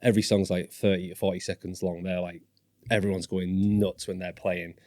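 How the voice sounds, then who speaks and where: A man's voice: low voice, flat delivery, brisk, mellow, no echo, clean studio sound. A man from northern England in his forties, a podcast guest telling stories casually and animatedly, swearing and acting out voices. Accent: Northern English. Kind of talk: casual storytelling.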